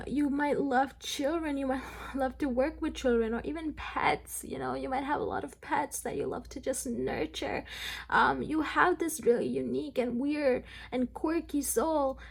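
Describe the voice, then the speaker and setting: A woman reading tarot cards for her viewers in a loose, rambling way, full of fillers. Her voice sits a little high, with a gravelly fry running through it. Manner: rambling, filler-heavy, addressing viewers directly. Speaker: tarot reader. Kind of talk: pick-a-card tarot reading.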